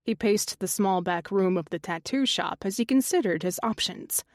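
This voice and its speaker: A woman narrating a fantasy romance audiobook in a steady storytelling manner. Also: medium pitch, normal speed, no echo, studio quality. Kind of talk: scripted narration.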